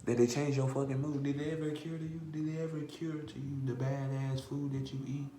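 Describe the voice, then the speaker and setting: A man's voice: mid-range voice, flat delivery, quick pace, mellow, reverberant, slight background noise. A man vlogger in a profane comedic rant who fires off repeated rhetorical questions and curses constantly. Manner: repetitive, rhetorical questions, heavy cursing.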